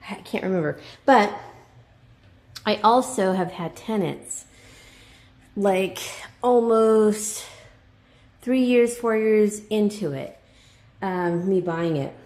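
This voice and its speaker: A woman's voice: mid-range voice, darkish tone. Chatty woman vlogging while she paints. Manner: chatty, rambling, with fillers and little laughs. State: hurried, under time pressure. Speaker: DIY vlogger. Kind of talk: casual vlog narration while painting. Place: inside a house, on the stairs and landing.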